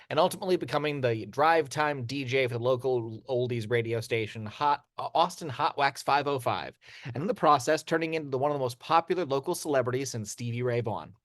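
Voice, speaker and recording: A man narrating screenplay action lines in an amateur audio drama, steady but with occasional stumbles and restarts. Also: mid-range voice, dry recording, studio quality.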